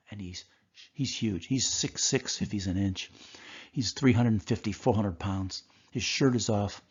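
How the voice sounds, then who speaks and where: A man who is a doctor, giving a recorded course lecture and telling a story from his work with animated voices. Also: lowish voice, slightly rough, dull audio.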